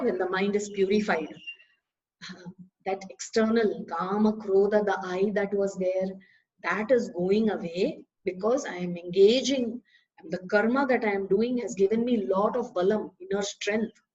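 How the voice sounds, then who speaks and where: A woman giving a spiritual discourse, lively and full of rhetorical questions. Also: medium pitch, lo-fi sound. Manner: animated, asks rhetorical questions, acts out dialogues. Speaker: spiritual teacher.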